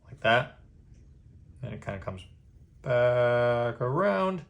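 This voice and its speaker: A man giving a step-by-step drawing lesson, patient and easygoing, checking in with a quick "okay?" after each step. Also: medium pitch, big pitch swings, vocal fry, muffled recording. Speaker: drawing instructor.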